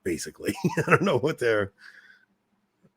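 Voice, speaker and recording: A man hosting a podcast in casual chat, animated, laughing at himself and restarting his sentences. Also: medium pitch, normal speed, breathy edge, no room sound. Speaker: podcast host.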